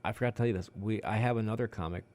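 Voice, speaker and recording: A man co-hosting a casual community radio talk show, telling stories and loudly acting out the lines of the people in them. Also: on the low side, rapid-fire. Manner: animated storyteller, acts out quotes loudly. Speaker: co-host. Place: radio studio.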